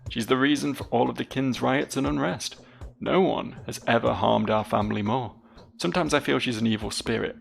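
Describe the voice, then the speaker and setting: An anxious, suspicious young nobleman from a video game, read aloud by a man. The voice is heavily gravelly. Lines run earnest and dramatic, with high lifts on worried questions. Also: steady tone, fairly quick, soft background music. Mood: brooding.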